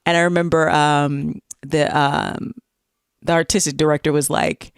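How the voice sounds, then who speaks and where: A woman co-hosting a podcast, telling stories in a casual, animated way with lots of fillers. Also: low voice, unhurried, gravelly, clean tone, dry recording, clean studio sound. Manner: animated storyteller, many fillers. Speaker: podcast co-host. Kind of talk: casual chat.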